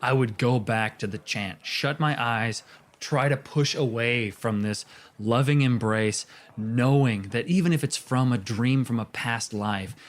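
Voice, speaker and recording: A man playing a tabletop game, describing his character's actions earnestly and deliberately. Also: mid-range voice. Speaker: player.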